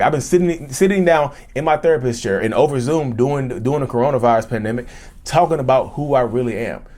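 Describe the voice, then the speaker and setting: A man's voice: medium pitch, a little mellow. A man giving an unscripted personal monologue, earnest and emphatic, often repeating and restarting phrases. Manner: speaks frankly and bluntly. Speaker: YouTuber discussing his own narcissism.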